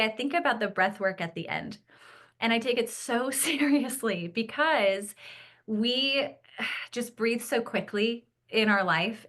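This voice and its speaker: A woman speaking as a podcast guest with a bright, forceful voice. She tells stories with animated enthusiasm, then eases into a calm, soothing delivery when she talks about peace. Her tone is conversational throughout. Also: mid-range voice. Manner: animated storytelling, acts out excited quotes. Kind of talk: conversational interview.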